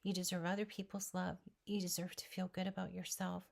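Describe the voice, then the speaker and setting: A woman's voice: on the low side, level tone, fairly quick, gravelly. Earnest woman giving motivational encouragement. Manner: speaks directly to the viewer. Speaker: weight-loss vlogger. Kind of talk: motivational talk to camera.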